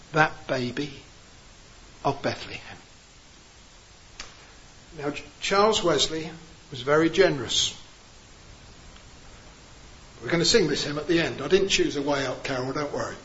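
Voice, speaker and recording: A man preaching a sermon, rising to emphatic peaks and then dropping low and slow. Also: a bit bright, muffled recording.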